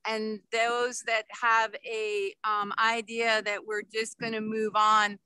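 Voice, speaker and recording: A woman's voice: fairly high pitch, little pitch movement, slow, sharp tone, smooth, no room sound, rough recording. A woman giving public comment by video call, firm and insistent, with many fillers.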